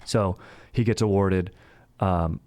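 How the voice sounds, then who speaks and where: A deep, steady, darkish male voice takes its time, with no echo. As a podcast host he casually tells a history story, laid-back and slangy, saying "dude" and "frickin'" a lot. He rambles, with plenty of fillers and restarts.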